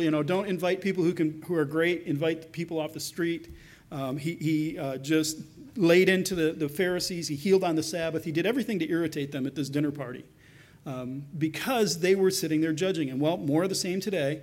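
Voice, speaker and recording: Higher-pitched man preaching conversationally. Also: darkish tone. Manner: conversational, with frequent restarts and rhetorical questions. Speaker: pastor. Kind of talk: sermon.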